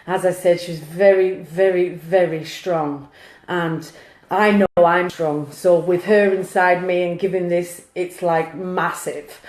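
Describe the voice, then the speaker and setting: A woman's voice: fairly low pitch, darkish tone, reverberant. A woman doing a live-streamed psychic reading, earnest and emotional, talking to viewers by name. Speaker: psychic medium.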